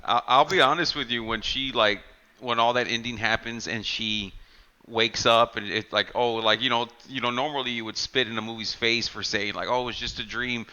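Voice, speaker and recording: A man with a bright, forward voice, chatting loosely as a podcast host. He rambles and restarts, joking with his co-hosts at an easy pace. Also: mid-range voice, steady tone, normal speed, smooth, lo-fi sound. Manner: rambling, laid-back, joking. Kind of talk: casual podcast chat.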